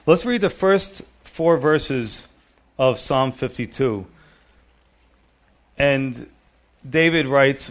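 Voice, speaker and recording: A pastor giving a relaxed evening Bible sermon, retelling the story casually with lots of "you know.". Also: male voice, on the high side, slow, pauses often.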